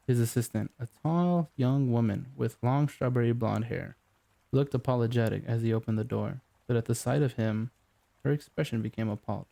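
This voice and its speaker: A male narrator reading a novel aloud in a measured, steady way. His voice is dark and mellow, with a noticeable gravelly fry running through it. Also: medium pitch. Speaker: audiobook narrator. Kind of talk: scripted narration.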